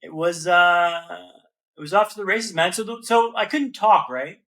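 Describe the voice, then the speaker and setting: A young man, a podcast guest, telling his story in a casual, animated way and calling the host man and brother. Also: sits high, normal speed. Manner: animated, slangy, calls listener man and brother.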